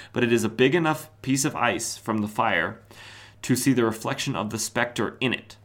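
Bright-voiced man recapping comics wryly. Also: fairly low pitch. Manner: wry, chatty retelling with quick asides and mock voices. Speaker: podcast host. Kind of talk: casual comic book recap.

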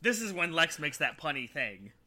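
A man co-hosting a podcast from home, recapping an episode in a casual rambling way, often dropping into quick character voices. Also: a little high, big pitch swings, a crowd in the background. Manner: rambling, hesitant, full of 'you know' and 'like'. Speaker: podcast co-host. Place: home, remote recording.

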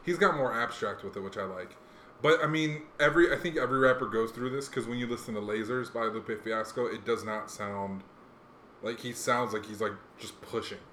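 A man's voice: mid-range voice, fairly quick, fairly bright tone. Man, casual rap talk, rambling, lots of fillers, echoey room, faint background hum. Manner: rambling, many "like" fillers and restarts. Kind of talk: casual chat about rap music.

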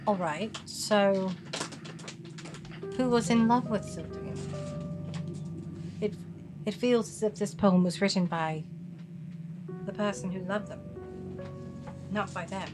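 A woman's voice: mid-range voice, takes it slowly, pauses often. A woman playing a tabletop role-playing game, asking questions and stating her character's actions. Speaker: player. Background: music.

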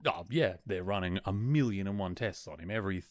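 A podcast host with a low voice speaks briskly, casually retelling a TV episode and slipping into quoted lines from its characters. There's no echo on the recording.

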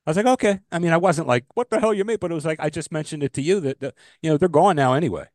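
A middle-aged man co-hosts a casual podcast, his slightly high voice coming rapid-fire in a studio-quality recording with no room sound. He tells stories and jokes in a loose, joking manner, swearing now and then.

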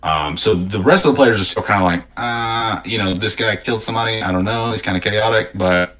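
A man's voice: fairly low pitch, brisk. A man in casual conversation, animatedly telling stories and acting out what people said. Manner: animated storyteller, acting out quotes. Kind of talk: casual conversation about tabletop games.

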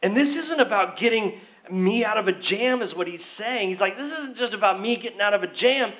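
A pastor with a notably high voice delivers a sermon. He talks in a loose, conversational way, often acting out quoted pleas. He sounds like he is speaking in a church. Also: animated, brisk, fairly bright tone.

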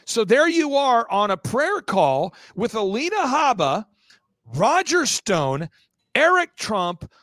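A man as an interview guest, telling a story quickly and excitedly and acting out the voices of the people in it. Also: very high-pitched, no room sound. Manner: excitable, acts out quoted voices. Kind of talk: fast animated storytelling.

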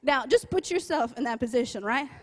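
High-voiced woman preaching with energy. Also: a little fast. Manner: animated storytelling, repeated "right?" asides; rising, emphatic preaching. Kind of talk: sermon.

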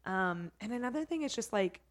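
A chatty woman guest on a podcast, a hair educator talking things through in a relaxed, conversational way. Her voice sits at a middle pitch, and she fills her sentences with "like" and "you know what I mean.". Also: fairly quick. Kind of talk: casual interview chat.

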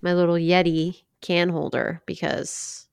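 Lower-pitched woman, joking casual podcast chat. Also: steady tone, measured pace, gravelly, clear, resonant tone, no echo, clean studio sound. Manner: jokey, laughs often, swears casually. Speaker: podcast co-host. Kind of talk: casual chat over beers.

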